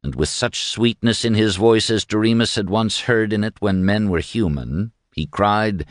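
A man narrating a novel as an audiobook reader, measured and expressive. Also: fairly low pitch, dry recording, clean studio sound. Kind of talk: scripted narration.

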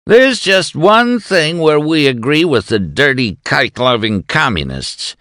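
A man voicing a drunken male official who jeers and shouts insults in a high, slow, slurring voice. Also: sing-song, dry recording, clean studio sound, heavily acted. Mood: sneering. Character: drunken bullying male official, loud and sneering.

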